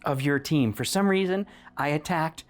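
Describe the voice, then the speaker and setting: A woman's voice: low voice, normal speed, soft background music, voice pushed up, lightly acted. A man doing a nervous female bounty hunter. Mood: pleading. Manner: pleading, hesitant, stumbling.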